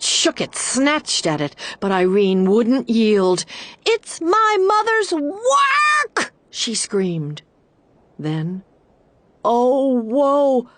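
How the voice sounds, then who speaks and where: Woman storybook narrator, expressive, very slow and deliberate. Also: mid-range voice.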